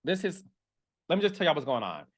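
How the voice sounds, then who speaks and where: A man's voice: big pitch swings, fast. A man hosting a reality TV gossip commentary, dramatic and sassy, talking straight to his viewers. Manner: dramatic, sassy, addresses viewers directly, leaps to high exclamations. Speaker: host of a reality TV gossip show. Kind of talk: animated casual commentary.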